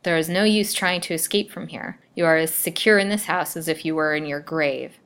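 A woman voicing a gruff, grim old witch who keeps a girl captive, speaking curtly and with menace. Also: deep voice, a little fast, a bit bright. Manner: curt and menacing.

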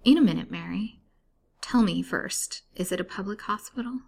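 A woman's voice: medium pitch, moderate pace, creaky, darkish tone. A woman voicing a frightened young woman held prisoner, who speaks in an earnest, pleading way.

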